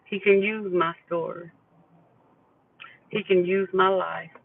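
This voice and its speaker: A woman delivers a live motivational sermon while riding in a vehicle. She speaks low, with a gravelly voice, repeats her lines and calls her listeners baby. The sound is thin and phone-like, picked up from a distance, with faint road noise underneath. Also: fairly even intonation, slow. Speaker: inspirational speaker.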